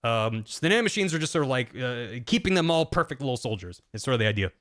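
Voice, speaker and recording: A man's voice: medium pitch, big pitch swings, fast, fairly bright tone. A man casually retelling a video game plot on a stream, rambling with lots of fillers and restarts. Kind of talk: casual retelling with acted-out quotes.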